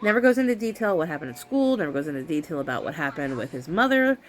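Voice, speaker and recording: Brief: woman vlogger, casual chat at home, very animated pitch, sarcastic and laughing. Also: fast, a little hiss or hum. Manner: exasperated, sarcastic, laughs often. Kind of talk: casual book chat to camera.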